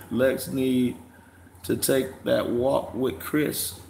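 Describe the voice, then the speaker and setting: Gravelly profane man ranting. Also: mid-range voice, darkish tone. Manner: profane, mocking, laughs often. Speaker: livestream host. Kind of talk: casual livestream rant. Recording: echoey room, faint background noise.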